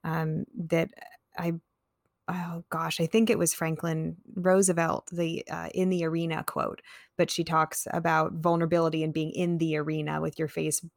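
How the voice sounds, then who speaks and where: A woman's voice: deep voice, flat delivery, normal speed, gravelly, no room sound, studio quality. A woman hosting an interview, asking long thoughtful questions and searching for words as she talks. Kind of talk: podcast interview.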